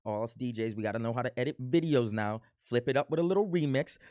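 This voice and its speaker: A man's voice: medium pitch, fast talker, darkish tone. A man hosting a reaction video in a loose, self-mocking way, hyping up his own old work. His voice sits in an ordinary middle range. The recording is dry and close, with no room echo. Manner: self-mocking, playfully boastful. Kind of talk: casual joking commentary.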